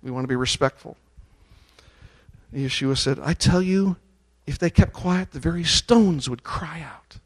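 Guy preaching a sermon, kinda high voice, gets loud and fired up, has the crowd chant back. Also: unhurried. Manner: animated, rising to loud ringing peaks on scripture and praise; leads the congregation in call-and-response chants. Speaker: pastor.

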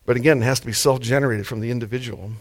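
A mild-mannered man delivering a sermon at an easy, laid-back pace. His pitch sits in an ordinary middle range for a man, neither deep nor high. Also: steady tone, rapid-fire. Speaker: preacher.

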